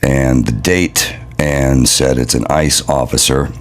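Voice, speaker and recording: A man on a podcast reading research aloud in a measured way. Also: a bass voice, steady tone. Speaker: podcast producer.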